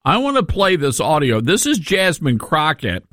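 A man hosting a talk radio show, animated and sarcastic in his commentary. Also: a little high, moderate pace, no room sound, studio quality. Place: radio studio.

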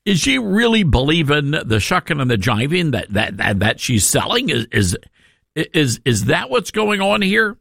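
A man hosting a talk radio show, animated and sarcastic in his commentary. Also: a little high, moderate pace, creaky, no room sound, studio quality. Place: radio studio.

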